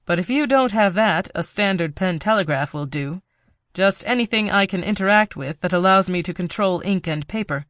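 Calm male house computer AI, read by a narrator, steady and explaining, crisp. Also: medium pitch, normal speed, no echo, studio quality, close to an everyday voice. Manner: calm, explaining, pleading when she is hit.

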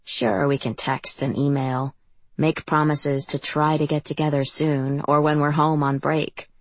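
A woman narrating a first-person audiobook in an even, reflective reading voice. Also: deep voice, measured pace, dry recording.

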